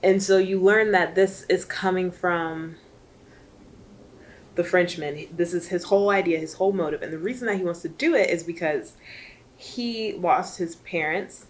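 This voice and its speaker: A woman's voice: fairly low pitch, unhurried, pauses often, slight background noise. A woman reviewing a book in casual chat, chatty and emotional, rambling with lots of fillers.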